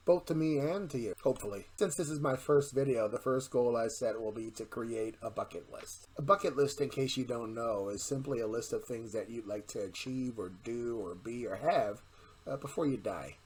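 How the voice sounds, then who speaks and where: A man's voice: medium pitch, slight background noise. A man hosting his own vlog in a chatty, blunt and self-deprecating way, telling a joke and then talking straight to his viewers. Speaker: vlogger, channel host. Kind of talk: casual vlog with a told joke.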